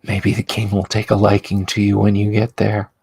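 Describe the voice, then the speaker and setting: A man's voice: lowish voice, completely flat delivery, normal speed, gravelly, darkish tone, breathy edge, no echo. A man voicing an insane female sculptor who giggles and taunts in a sing-song way. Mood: mocking.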